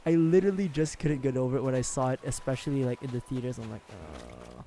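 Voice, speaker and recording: A man's voice: mid-range voice, racing. A young man streaming a game, chatting casually in a rambling way, swearing and laughing often. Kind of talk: casual livestream chat while gaming.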